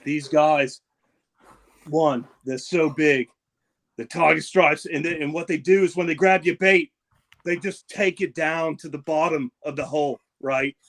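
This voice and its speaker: A man's voice: on the high side, measured pace, fairly bright tone. A man voicing a boastful Australian fisherman persona with a put-on Australian accent, talking with cocky swagger. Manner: cocky, swaggering, full of bluster. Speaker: guest. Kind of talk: comedic character bit.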